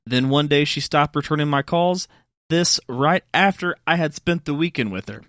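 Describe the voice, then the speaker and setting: A man's voice: fairly high pitch, moderate pace, a bit bright, no room sound, studio quality. Laid-back young man, slangy. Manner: laid-back, laughs a lot, slangy reactions. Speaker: podcast co-host. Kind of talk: casual podcast chat.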